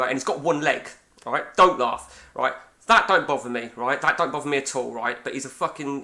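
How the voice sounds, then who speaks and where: An English man in his forties talks over a game session in a loose, rambling way, swearing freely as he goes. His voice sits a little high, with a bright, sharp edge to it. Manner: animated, swearing, rambling storyteller. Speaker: gaming channel host.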